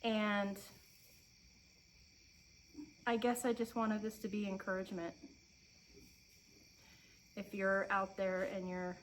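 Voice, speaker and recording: This Oregon woman in her thirties, a homestead vlogger, sits outside on her farm for an emotional, near-tearful talk to camera. Her medium-pitched voice is earnest and encouraging, with many pauses and restarts. The audio is poor, with faint insect sounds outdoors.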